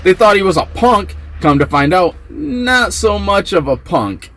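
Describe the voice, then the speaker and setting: A man telling a story from his time in prison in a casual vlog, acting out the quotes with excited yelps. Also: high voice, measured pace, rough recording.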